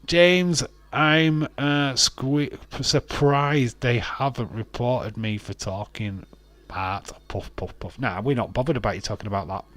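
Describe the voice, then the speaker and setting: A man's voice: mid-range voice, measured pace, few pauses, fairly bright tone. A man hosting a casual wrestling watch-along stream, rambling, laughing often and reading out viewer comments.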